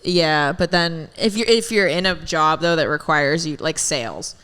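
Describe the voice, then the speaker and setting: Bright, laughing woman podcast co-host. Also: low-pitched, normal speed, smooth, big-room sound. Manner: laughs often, crude jokes. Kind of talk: casual chat.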